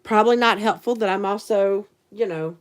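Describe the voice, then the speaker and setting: A woman's voice: mid-range voice, moderate pace. A woman chatting casually to a live stream audience, giggly and rambling. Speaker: livestream host and teacher.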